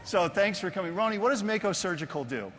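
Higher-voiced man hosting in a hall. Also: lively intonation, fast, over loud music. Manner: jokey, leading questions with many fillers. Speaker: host, interviewer. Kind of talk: on-stage interview. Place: large conference stage before an audience. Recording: long hall reverb with faint background noise.

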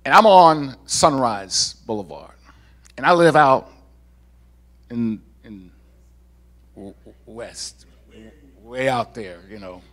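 A male pastor preaching a lively sermon to a congregation, with casual asides and laughs. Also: medium pitch, husky. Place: church sanctuary.

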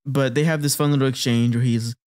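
A man's voice: medium pitch, steady tone, brisk, darkish tone. A man co-hosting a podcast, chatting casually and recapping an anime, laughing often and acting out character lines. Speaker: podcast co-host.

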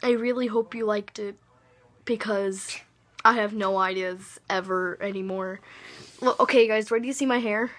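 A woman's voice: medium pitch, steady tone, moderate pace, a bit bright. A woman making a casual, goofy home video, giggly and bossy with her sibling. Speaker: vlogger. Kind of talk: casual chat.

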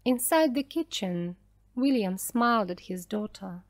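Wolna, wyraźna narratorka audiobooka. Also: female voice, mid-range voice, lively intonation, no echo. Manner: slow, clear, carefully paced for learners. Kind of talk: graded reader audiobook narration.

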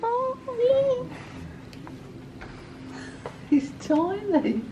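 A middle-aged woman chats excitedly, her voice high and bouncing all over. She chuckles often. The sound is a little muffled, with music running underneath. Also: drawn-out words, noisy background. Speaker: vlogger's mother. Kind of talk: casual family chat. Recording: slightly muffled camera audio with music.

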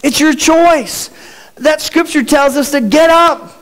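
A man's voice: extremely high pitch, slow, fairly bright tone, poor audio. A middle-aged male pastor preaching a sermon with rhetorical questions and playful asides.

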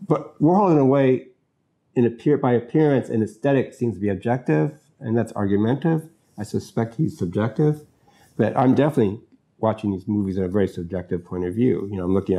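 A man's voice: lowish voice, warm tone. A man hosting his own talk show, musing about films in a loose, rambling way with many fillers and restarts. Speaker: host.

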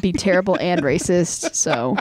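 A woman's voice: on the low side, normal speed, a little mellow, a little hiss or hum. A young woman with a Southern US accent co-hosting a podcast, telling a story in a rambling, casual way full of fillers. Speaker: podcast co-host.

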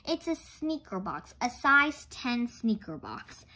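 A woman voicing a sharp, eager young girl detective while reading a children's storybook aloud. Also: a little high, very animated, slow pace, full character voice.

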